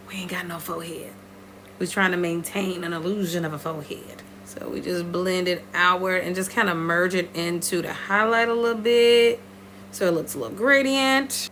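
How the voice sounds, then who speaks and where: A woman talking viewers through her makeup in a playful, chatty tutorial, breaking into high squeals now and then. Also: a little hiss or hum. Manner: lively, playful, talks straight to viewers. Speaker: beauty vlogger.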